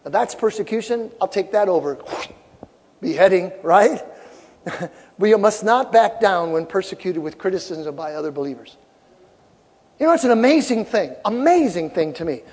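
A middle-aged male pastor preaching a sermon with fervent, shouted peaks and repeated phrases in a large church sanctuary. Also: sits high, animated, moderate pace, long pauses, husky. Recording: long hall reverb.

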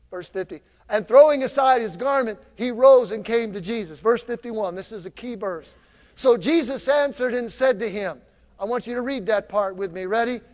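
A male pastor preaching a lively sermon in a church, drawing the congregation into call-and-response. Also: very high-pitched, long reverb tail. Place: church sanctuary.

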